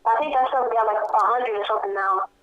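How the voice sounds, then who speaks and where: A man's voice: high-pitched, fast, narrow, tinny audio. A young man hosting a casual chat, rambling with many restarts and frequent laughs. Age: young adult. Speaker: channel host.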